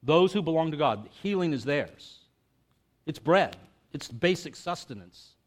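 High-voiced man preaching conversationally. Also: a little slow. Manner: conversational and animated, with frequent self-interruptions and restarts. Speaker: pastor. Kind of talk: conversational sermon.

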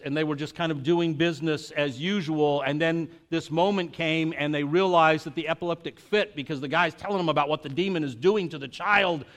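A man preaching a conversational sermon, telling stories with energy and asking the congregation questions. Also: on the high side. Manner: animated storytelling, acts out quotes. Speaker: pastor.

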